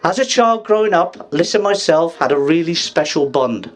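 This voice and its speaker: High-voiced father giving a wedding speech. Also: expressive. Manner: jokey, teasing, drawn-out pauses for laughs. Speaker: father of the bride. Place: wedding reception room.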